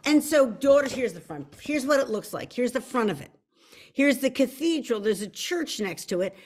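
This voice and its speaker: A woman's voice: fairly high pitch, animated, normal speed, a little mellow. A middle-aged woman chatting casually on a livestream, self-deprecating and restarting her sentences often. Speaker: author hosting a livestream.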